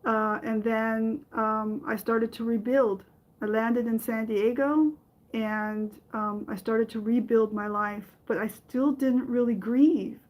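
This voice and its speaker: A middle-aged woman hosting a podcast, telling a personal story in a halting way with many fillers and restarts. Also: a little high, steady tone, rough recording. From from another country. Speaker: podcast host.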